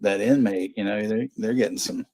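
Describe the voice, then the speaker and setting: A man's voice: fairly low pitch, normal speed, dark tone. A man co-hosting a casual movie watch-along, rambling and crude, laughing often. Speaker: podcast co-host.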